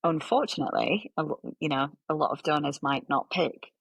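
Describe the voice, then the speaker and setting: A woman hosting a podcast, keeping the guest going with short questions and quick reactions. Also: deep voice, lively intonation, vocal fry, slightly rough, dry recording. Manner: brief prompts and quick reactions. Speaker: podcast host. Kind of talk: conversational interview.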